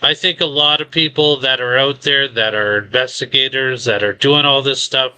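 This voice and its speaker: A man's voice: mid-range voice, moderate pace, bright, forceful tone, clear, resonant tone, poor audio. A man co-hosting a podcast interview, speaking in an earnest, encouraging way. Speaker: podcast co-host. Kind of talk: casual interview.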